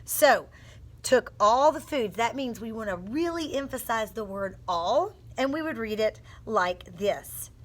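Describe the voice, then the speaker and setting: A woman's voice: fairly high pitch, a little slow, few pauses. A woman teacher reading a picture book aloud to young children and coaching them through sounding out words. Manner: expressive storytelling with phonics coaching.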